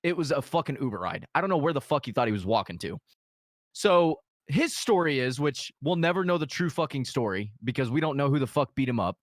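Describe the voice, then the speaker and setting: A man telling a story in casual podcast chat, animated and full of profanity. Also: mid-range voice, a little fast, no room sound, studio quality.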